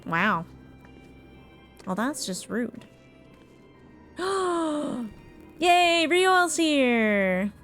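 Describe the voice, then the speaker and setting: A woman's voice: sits high, big pitch swings, extremely slow, long pauses, a bit bright, faint music behind. A woman streamer giving playful, self-mocking commentary while playing a game. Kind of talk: casual gameplay commentary.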